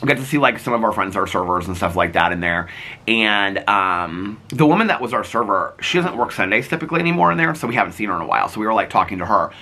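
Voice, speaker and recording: Guy rambling thru a story on his vlog, quick and bouncy, kinda husky voice. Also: lowish voice. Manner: rambling, filler-heavy, excitable. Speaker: vlogger. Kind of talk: casual storytelling to camera.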